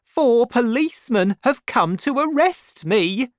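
A reader voicing a frightened little male landlord in a storybook, high and pleading. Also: animated, takes it slowly, dry recording, clean studio sound. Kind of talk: storybook reading.

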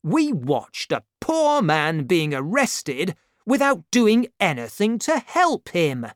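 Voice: medium pitch, huge pitch swings, takes it slowly, no echo, studio quality, voice pushed up. A reader voicing an outspoken male musketeer in a storybook, indignant and protesting. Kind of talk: storybook reading.

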